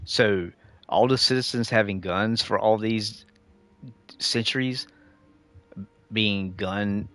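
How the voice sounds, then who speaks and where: A man's voice: lowish voice, slow, pauses often, fairly bright tone. A middle-aged man ranting casually to his viewers while gaming, preachy and lecturing, calling them dude and y'all. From United States. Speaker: gaming streamer.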